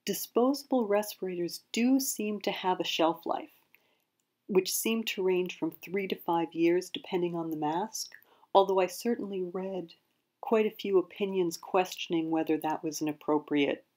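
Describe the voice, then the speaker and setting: Woman host walking through safety gear, lowish voice, careful, fixes her own slips. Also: normal speed, a little mellow. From United States. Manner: careful, self-correcting, hedges with "I believe". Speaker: prepping channel host. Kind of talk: explanatory video lesson.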